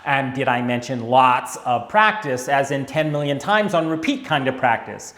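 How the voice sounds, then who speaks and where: Man, dance teacher, lively intonation, wry asides, roomy echo. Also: medium pitch, moderate pace. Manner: chatty, wry, checks in with the viewer. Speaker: tango teacher. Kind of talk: instructional video talk. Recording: echoey room.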